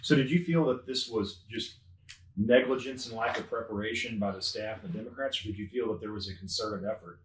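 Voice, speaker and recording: A man's voice: on the low side, a little fast, slight background noise. Male interviewer, brief probing questions, off-mic with roomy echo. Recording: echoey room, distant mic.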